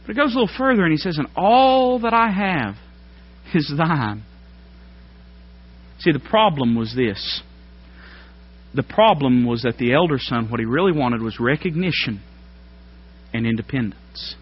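A man preaching a sermon, folksy and plain-spoken, climbing to loud emphatic peaks. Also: medium pitch, big pitch swings, moderate pace, husky. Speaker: pastor. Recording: dull lo-fi sermon recording.

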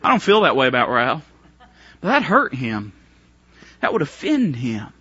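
Bright, husky-voiced fervent preacher man. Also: medium pitch, wildly swooping pitch, moderate pace, no room sound, dull audio. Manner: fervent, stop-start preaching that swings from soft to loud. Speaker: pastor. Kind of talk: sermon.

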